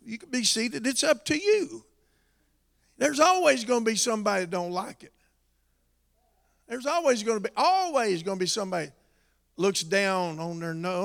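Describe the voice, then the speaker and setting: Man preaching, shouting in a hall. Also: high voice, lively intonation, moderate pace, gravelly, some chatter behind. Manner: preaching with swings from shouting to hushed storytelling. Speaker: pastor. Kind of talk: sermon. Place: church sanctuary. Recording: long reverb of a church hall.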